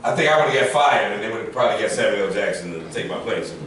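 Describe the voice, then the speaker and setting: Lively joking man in an echoey hall. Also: on the low side, fast, distant mic, a little hiss or hum. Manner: laughing, joking asides. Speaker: convention panelist. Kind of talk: casual banter. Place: convention panel hall.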